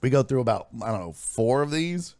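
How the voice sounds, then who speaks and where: A man hosts a sports stream in a loose, casual chat, telling stories and reading viewer messages out loud. His delivery is animated, with a pitch that swings up and down a lot. He is recorded close and dry, with almost no room sound. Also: a little fast, no echo. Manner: animated, reads chat messages aloud and swears freely. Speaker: sports streaming show host.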